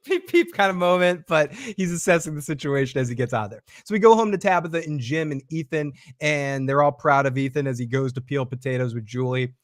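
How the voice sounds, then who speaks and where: A man's voice: medium pitch, dry recording, clean studio sound. A man hosting a fan show, recapping an episode in a chatty way and acting out the characters' lines.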